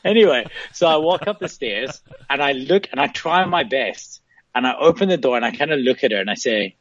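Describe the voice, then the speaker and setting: A man calling in as a guest, telling a casual, animated story. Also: medium pitch, brisk, no room sound. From South Africa. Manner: animated, laughing anecdotes with acted-out quotes. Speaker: phone-in guest. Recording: dull phone line.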